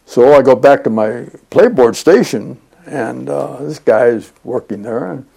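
Older man, interviewee, deep mellow gravelly voice, loose rambling storyteller. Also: animated, unhurried. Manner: rambling, chatty with frequent fillers and laughs. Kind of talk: oral history storytelling.

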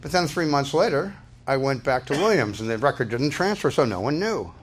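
A man's voice: mid-range voice, expressive, fairly quick, slight background noise. An older man telling a personal story to an audience, rambling casually with many restarts and fillers. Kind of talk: casual spoken anecdote.

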